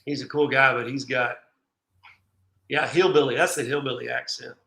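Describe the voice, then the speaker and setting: A man's voice: mid-range voice, fairly even intonation, normal speed, vocal fry, pushed and bright, echoey room, low-quality recording. A man from Texas, chatting casually as a stream guest, with frequent restarts. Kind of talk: casual chat.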